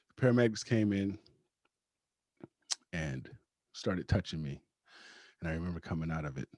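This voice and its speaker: A man with a husky voice, a podcast guest telling a personal story casually, laughing often and acting out the lines of the people in it. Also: low voice, a little mellow, dry recording. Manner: acts out quoted dialogue.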